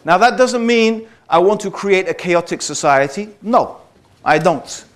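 Speaking unhurriedly in a high, animated voice, a man from Britain gives a talk before a live crowd. His tone is wry and chatty, and he keeps asking "okay?" and "right?" to check in.

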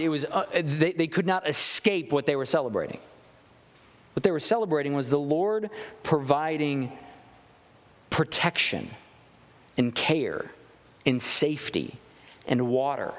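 A male pastor preaching a sermon, reading scripture and acting out quoted voices with big swings in pitch. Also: expressive, unhurried, pauses often. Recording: long hall reverb.

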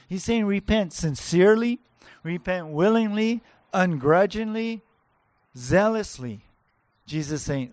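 A man delivering a sermon, earnest and emphatic, leaning on repeated words to drive his point home. His voice sits a little high for a man, and the sound is close and dry with no room around it. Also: animated, measured pace, darkish tone, no echo. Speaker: pastor.

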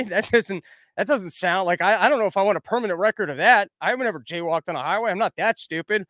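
A man's voice: sits high, quick pace, no room sound. A young man hosting a podcast, telling a rambling comic story and acting out the people in it. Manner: rambling, animated, acts out quoted voices. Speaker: podcast host. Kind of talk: casual comedic storytelling.

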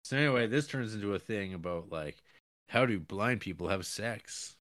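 A man's voice: fairly low pitch, lively intonation, moderate pace, a bit bright, no echo. A man co-hosting a podcast, chatting casually about a film in a rambling, profane way with plenty of laughter. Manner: rambling, profane, laughing, breaks into mock Italian voice. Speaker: podcast co-host. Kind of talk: casual film-review chat.

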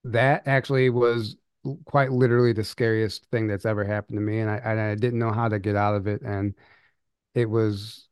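A young adult man and podcast co-host telling a personal story in casual chat, halting with restarts and nervous laughs. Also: on the low side, smooth, no room sound, studio quality.

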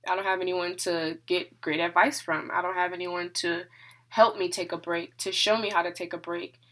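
Young woman, student, candid vlog, bright and sharp tone, rambly and open. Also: fairly low pitch, little pitch movement, normal speed, rough recording. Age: young adult. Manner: open, rambling, thinking aloud. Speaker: college student. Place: her apartment room.

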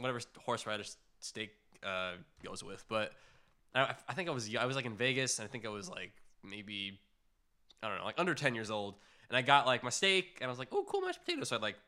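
A young man on a casual chat show tells animated stories with lots of "like" fillers. His voice is bright and forward, and it jumps up high whenever he quotes someone. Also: clean tone. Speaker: podcast co-host.

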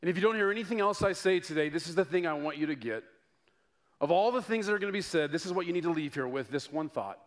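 A middle-aged man from Denver preaching a sermon to his congregation, telling stories with playful asides and mounting excitement. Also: on the high side, quick pace. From Denver, United States. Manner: animated storytelling with rising excitement and playful asides. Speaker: pastor.

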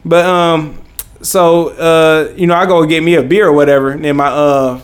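A young podcast host with a fairly high, smooth voice tells a story at a moderate pace with fairly even intonation. He rambles, laughs, and swears freely in this casual storytelling.

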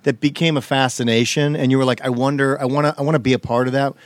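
A man hosting a podcast, asking quick, probing questions in a casual interview. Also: mid-range voice, fairly even intonation, dry recording. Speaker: podcast host.

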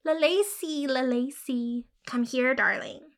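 A woman's voice: high-pitched, takes it slowly. A woman voicing a small undead ghost girl, sulky and prone to tantrums, whose voice comes out as a growl. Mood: mocking.

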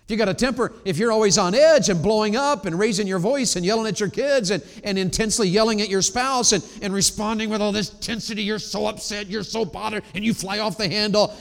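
A man preaching a sermon in a church, swinging between loud emphatic peaks and low quiet asides. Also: expressive, a little fast. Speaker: pastor. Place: church sanctuary. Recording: long reverb of a large church hall.

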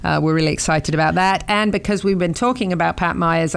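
A woman's voice: lowish voice, a little fast, vocal fry, clear, resonant tone. A woman with an English accent hosting a casual talk show, chatty and laughing often. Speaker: host.

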